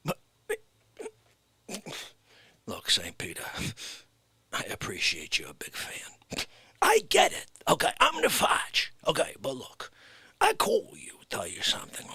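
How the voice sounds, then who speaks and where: A man putting on a brash wiseguy character talking on the phone, swinging between hushed whispers and loud outbursts. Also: lowish voice, creaky, breathy edge, no room sound, voice pushed down, exaggerated voice. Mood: swaggering.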